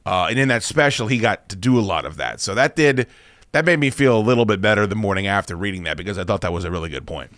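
Male podcast host, animated storyteller with a lively, bright voice; dry and close. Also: on the low side, fast talker, dry recording. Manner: animated storyteller, swears freely, laughs a lot. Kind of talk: casual chat.

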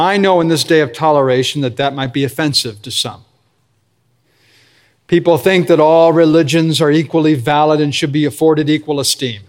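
A male pastor delivering a sermon, earnest, with slow emphatic phrases. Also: fairly high pitch.

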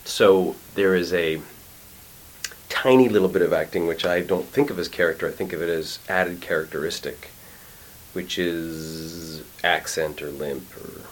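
A middle-aged man, an actor and acting teacher, chatting in an interview, animated and full of restarts as he acts out quotes. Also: deep voice, unhurried, a little hiss or hum, poor audio. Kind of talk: casual interview conversation. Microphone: studio mic.

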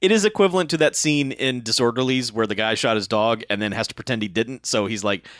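A man's voice: medium pitch, quick pace, dry recording, clean studio sound. A man co-hosting a casual podcast, telling movie scenes and mimicking the characters. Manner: animated storyteller, mimics characters. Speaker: podcast co-host. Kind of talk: casual movie recap chat.

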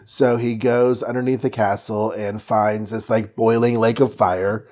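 A man on a casual podcast, retelling a comic book plot in a jokey way and dropping into quick silly voices. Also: fairly low pitch, flat delivery, a little mellow.

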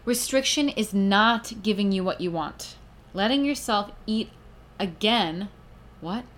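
A woman's voice: mid-range voice, expressive, unhurried, fairly bright tone, a little hiss or hum. A young woman hosting a casual solo podcast, tired and rambling in a frank, scattered way. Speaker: podcast host.

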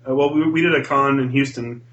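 A man hosting a podcast, chatting casually with brief, quick remarks. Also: mid-range voice, steady tone, a bit bright. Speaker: podcast host. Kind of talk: casual chat. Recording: muffled lo-fi audio.

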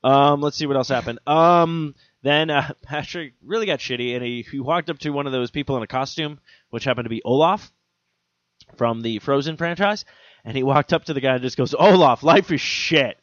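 A young man tells a comic story on a podcast, jumping into loud, exaggerated voices for the people in it. The audio is dry and a little dull, recorded close on a home mic. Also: medium pitch, a little fast, no echo. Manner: animated, acts out quoted voices loudly. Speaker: podcast co-host. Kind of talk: casual comedic storytelling.

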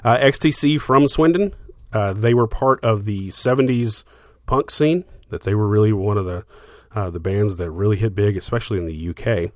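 A lower-pitched man talks through band history in a loose, chatty way, full of fillers and restarts. The sound is dry and close, with no room around it. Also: moderate pace, dry recording. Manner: explanatory, filler-heavy, restarts. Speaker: podcast co-host. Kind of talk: casual music discussion.

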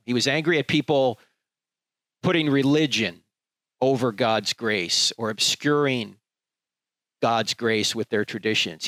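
A man's voice: medium pitch, fairly bright tone, no echo. A man preaching a sermon in an emphatic, rhetorical way, acting out the people he quotes.

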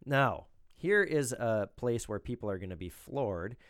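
A man's voice: medium pitch, animated, a little slow, smooth, dry recording, studio quality. A man, a pastor, explaining scripture in a theological talk with an emphatic, lecturing manner. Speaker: pastor, co-host. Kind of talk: theological discussion.

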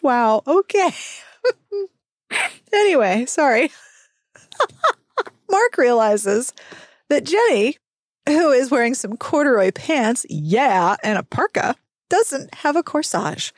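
A woman's voice: on the high side, animated, unhurried, no room sound, clean studio sound. A woman hosting a podcast, recapping a romance novel in a casual way, reading passages aloud and breaking off into snarky, laughing asides. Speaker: podcast host.

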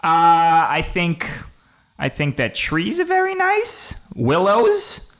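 A man's voice: fairly high pitch, huge pitch swings, slow pace, a bit bright, voice pushed up, heavily acted. A man voicing a goofy, scatterbrained junior reviewer who rambles and gets sidetracked. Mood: chirpy.

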